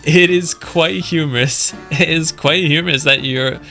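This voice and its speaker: A man's voice: fairly high pitch, unhurried, gravelly, sharp tone, soft background music, heavily acted. A man putting on a haughty, pompous young lady. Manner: pompous, formal.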